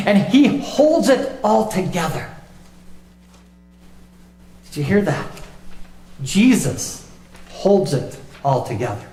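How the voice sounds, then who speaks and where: High-voiced pastor preaching in an echoey church. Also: male voice. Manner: emphatic preaching, dropping low and soft on key lines. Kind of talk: sermon. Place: church sanctuary.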